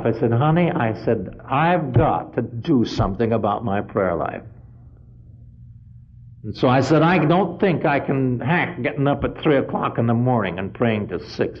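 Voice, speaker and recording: A man preaching a storytelling sermon, retelling a story full of "he said" and swelling to loud, emphatic peaks. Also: medium pitch. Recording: dull lo-fi sermon recording.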